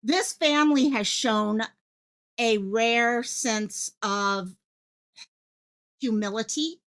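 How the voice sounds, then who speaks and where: Excited, bright-voiced woman streaming live. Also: on the high side, clear, resonant tone. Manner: excited, breathless, jumps between thoughts. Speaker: livestream host covering a missing-child case. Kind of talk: live-stream commentary, reading chat. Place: her home office.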